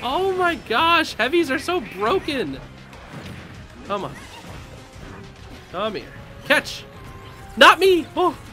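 Excitable high-voiced young gamer. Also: male voice, slow pace, pauses often, faint music behind. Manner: excitable, yelps and laughs, slangy trash talk. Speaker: gaming streamer. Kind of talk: live gameplay commentary.

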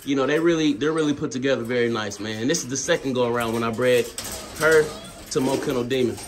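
This dog breeder's casual vlog has him talking fast in a medium-pitched voice against a noisy background. He says y'all to his viewers and is relaxed enough to turn mid-sentence and scold the dogs.

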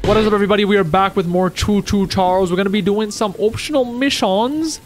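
A man's voice: high-pitched, quick pace, soft background music. A young man hosting a gaming video, brash and teasing in slangy banter with his friends. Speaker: gaming channel host. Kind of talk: casual multiplayer game banter.

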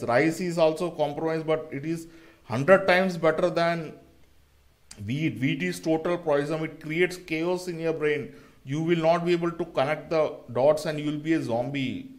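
Indian-accented male vlogger, slightly high voice, rambling and insistent monologue. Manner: rambling and emphatic, often addressing listeners as "guys".

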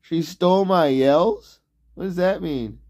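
A young man livestreaming, ranting and yelling insults at his chat, then dropping to low mutters. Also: slow pace. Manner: swings between shouting and low mutters. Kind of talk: casual livestream rant.

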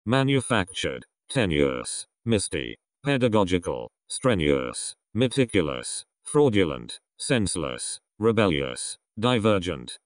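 A man reading a vocabulary list aloud one word at a time, letting his pitch drop at the end of each group. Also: no room sound, clean studio sound.

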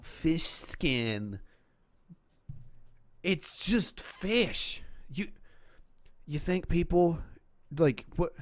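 A man's voice: mid-range voice, dry recording. A man hosting a solo podcast, chatting casually in a rambling way with lots of swearing and fillers. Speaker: podcast host. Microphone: podcast microphone.

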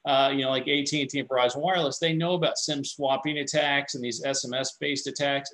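A man's voice: on the high side, low-quality recording. A man presenting on cybersecurity in a conversational, loose way, often restarting his words as he tells stories. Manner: conversational, repeats and restarts words, animated storytelling. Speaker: security presenter. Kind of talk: informal tech webinar lecture.

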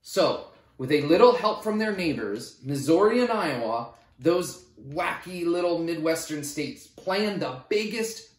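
A man reading a children's picture book aloud in an animated storytelling manner. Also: a little high. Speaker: storybook reader. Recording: roomy echo.

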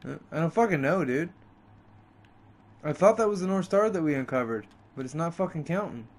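A man's voice: lively intonation, fairly quick. A man playing a video game and commenting on it, frustrated and swearing a lot, his voice jumping up when he snaps. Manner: frustrated, heavy swearing, pitch jumps up in outbursts. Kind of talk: let's play commentary.

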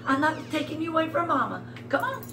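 Gentle high-voiced woman helper. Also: sing-song, quick pace, soft background music. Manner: gentle, soothing tone with the dog. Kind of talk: casual conversation. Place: home.

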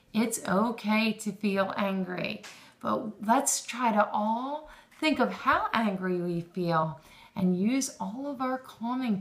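A woman's voice: medium pitch, pushed and bright. A woman teaching a lesson to young children, encouraging them and praising often, with questions drawn out.

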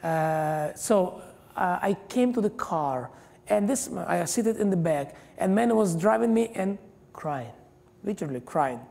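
A man preaching a sermon as a guest pastor, emphatic and halting, with many hallelujahs and non-native phrasing, recorded in a church hall. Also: sits high, lively intonation, gravelly, a little mellow. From Israel. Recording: long reverb of a large church hall.

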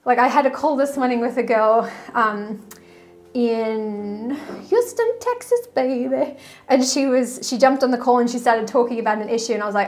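A woman's voice: a little high, normal speed. A woman spiritual coach talking casually and effusively to her viewers, pulling cards and chatting about energy healing. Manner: animated and effusive, breaks into song.

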